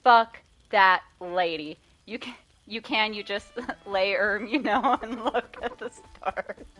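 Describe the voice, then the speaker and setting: A woman's voice: mid-range voice, fairly even intonation, measured pace, a bit bright. A woman streaming a video game, chatting casually, swearing and laughing often. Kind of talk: casual gameplay commentary.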